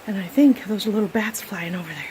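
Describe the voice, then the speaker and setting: A woman vlogging on a phone as she hikes through caves and woods, talking excitedly to the camera and out of breath at times. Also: mid-range voice, quick pace, a little hiss or hum. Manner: chatty, excited, talking to camera while walking. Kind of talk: casual hiking vlog. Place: outdoors in caves and forest. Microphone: phone held while walking.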